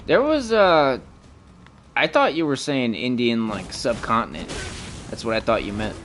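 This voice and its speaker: A man's voice: mid-range voice, lively intonation, moderate pace, fairly bright tone, soft background music. A man streaming a game live, cursing and trash-talking opponents and chatting casually with viewers. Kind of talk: live gaming stream commentary.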